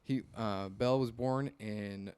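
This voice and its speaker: A young man with a slightly low voice hosts a relaxed podcast conversation. He rambles along, hedging and filling gaps with "like" and "um" as he works through his notes. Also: slow pace, clear, resonant tone, no echo. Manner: rambling, hesitant, lots of fillers. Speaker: podcast host. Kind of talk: casual chat.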